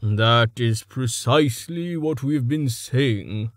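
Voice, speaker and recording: A man voicing a calm, controlled male character who speaks firmly in an audiobook. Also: mid-range voice, slow pace, dry recording, clean studio sound, close to an everyday voice. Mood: patient. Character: calm male traveller with restrained anger.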